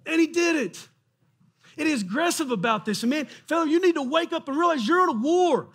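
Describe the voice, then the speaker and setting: A man preaching a sermon in a church, impassioned and often shouting, acting out the voices of doubters. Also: very high-pitched, animated, quick pace. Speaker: pastor.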